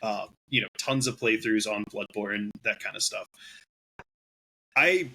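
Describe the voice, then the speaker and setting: A man's voice: on the low side, unhurried, pushed and bright, slightly rough, poor audio. A man co-hosting a podcast in casual talk, hesitant and repeating words as he goes. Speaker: podcast co-host.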